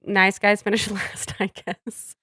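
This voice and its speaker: Woman cohost chatting away, laughs a lot, mid pitch, dry close sound. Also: level tone, slow pace, sharp tone, no echo. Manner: chatty, laughs often, trails off mid-thought. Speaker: podcast co-host. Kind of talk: casual chat.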